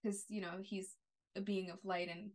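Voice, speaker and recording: Relaxed woman podcast co-host. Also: mid-range voice, normal speed. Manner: relaxed, agreeable, lots of fillers. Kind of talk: casual TV recap chat.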